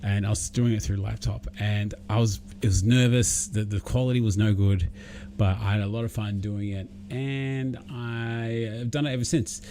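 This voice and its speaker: A man's voice: fairly low pitch, fairly even intonation, moderate pace, dark tone, slight background noise. A man with an Australian accent, chatting casually and rambling as he hosts a live stream and greets viewers by name.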